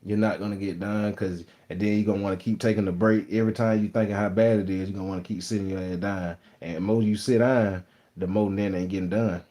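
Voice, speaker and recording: A man's voice: on the low side, steady tone, fast, mellow. A young man with a Texas Southern accent, hosting a live stream, rambling and bragging in slangy casual chat. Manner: boastful, rambling, slangy storytelling.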